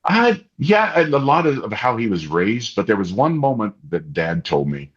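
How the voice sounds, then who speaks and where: A man, an interview guest and family spokesman, telling stories in an excitable, animated way with many restarts. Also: on the low side, moderate pace. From Kansas. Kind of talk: casual interview storytelling. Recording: slightly dull lo-fi audio.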